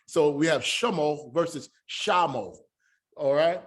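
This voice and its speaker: A man with a slightly high voice teaches a Hebrew lesson. He is patient and repeats each word slowly so his students can follow. His speech is casual and Southern-tinged, with "y'all" and an easy pace. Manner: patient, repeats words slowly to drill pronunciation. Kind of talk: classroom lesson.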